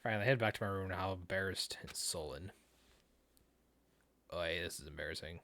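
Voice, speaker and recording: A man's voice: low voice, brisk, slight background noise. A man streaming a video game, reading its dialogue aloud with casual comments. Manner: casual, reads text in hushed narration. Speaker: let's play streamer. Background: game music.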